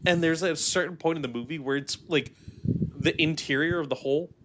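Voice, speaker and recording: A young man co-hosting a casual movie review chat, animated and acting out quotes from scenes. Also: fairly high pitch, fairly quick, background noise. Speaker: movie review podcast co-host.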